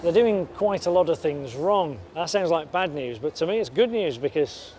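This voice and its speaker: Frank, explaining man with a slightly high voice. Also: animated, normal speed, background noise. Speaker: dog trainer. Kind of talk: reality TV conversation with dog owners. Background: background music.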